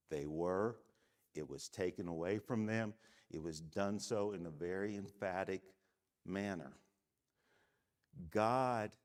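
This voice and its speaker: A middle-aged man from the United States teaching a church Bible class, measured and emphatic, often checking in with "okay?". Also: low voice.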